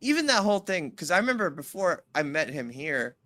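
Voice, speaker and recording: Lively, bright-voiced woman co-host ranting. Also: low voice. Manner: animated, swearing, quick interruptions. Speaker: podcast co-host. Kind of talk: casual chat.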